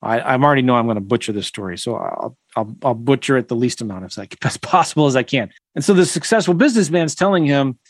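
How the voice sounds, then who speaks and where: A man's voice: medium pitch, animated, fast talker, hardly any pauses, no room sound. A man coaching real estate on a livestream, rambling with self-deprecating asides while reading a story aloud to viewers.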